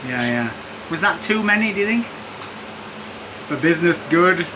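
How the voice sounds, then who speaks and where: A man's voice: on the high side, expressive, normal speed. A man hosting a walking tour, chatting in a wry, self-mocking way while walking outdoors with a handheld camera. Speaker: vlogger, tour host. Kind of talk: casual walking-tour narration and chat. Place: outdoors in a seaside village street. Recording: outdoor street noise.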